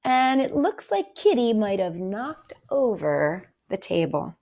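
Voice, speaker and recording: A woman's voice: medium pitch, very animated, takes it slowly, vocal fry, a little mellow. A woman hosting a children's story time, reading picture books and poems in a sing-song, encouraging way and talking straight to the kids.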